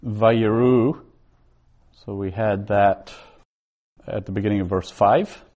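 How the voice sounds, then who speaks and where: A man teaching a Bible Hebrew class, explaining slowly, word by word. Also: fairly low pitch, fairly even intonation, a little mellow. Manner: slow, deliberate, word-by-word explaining. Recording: dull lo-fi recording.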